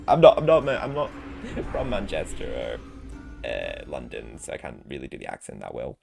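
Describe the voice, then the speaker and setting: A man's voice: a bass voice, wildly swooping pitch, normal speed, gravelly. A man streaming casual gameplay commentary, chatty, laughing often and swearing. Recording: game music underneath.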